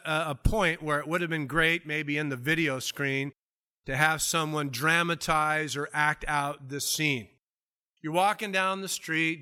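A bright, slightly high male voice preaching an expository sermon. He talks conversationally, acting out everyday scenes, and swings between hushed murmured asides and raised, emphatic peaks. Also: clean tone. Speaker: pastor.

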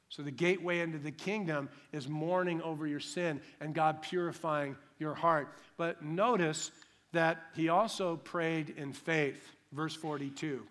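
Man preaching, loud then hushed. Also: a little high, steady tone. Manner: acts out imagined voices in quick dramatic bursts. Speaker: pastor. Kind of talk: sermon.

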